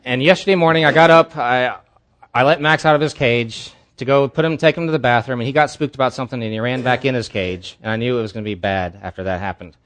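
A man's voice: mid-range voice, fast, fairly bright tone. Earnest man preaching a sermon. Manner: earnest, candid storytelling preacher. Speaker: pastor. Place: church service.

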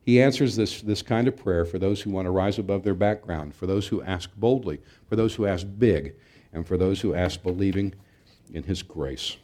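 A man's voice: low-pitched, moderate pace, mellow. A middle-aged man preaching a sermon in an earnest, emphatic way, sometimes restarting his phrases. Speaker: pastor.

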